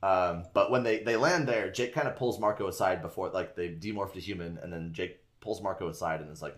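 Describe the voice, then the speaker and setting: Low-voiced man rambling through a recap. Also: brisk, hardly any pauses. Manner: rambling, heavy use of "like", swears casually, acts out characters' lines. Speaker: podcast host recapping a book. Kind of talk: casual storytelling recap.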